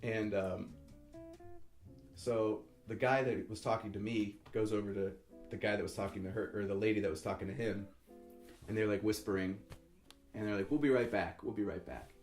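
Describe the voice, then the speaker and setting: A young man with a fairly low voice tells a story casually, wandering, backtracking and doing little voices for the people involved. The room gives his voice a noticeable echo, and a guitar plays faintly in the background. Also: level tone, normal speed, pauses often, darkish tone. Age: 20s. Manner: rambling, self-correcting, acts out quoted voices. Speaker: musician telling a story.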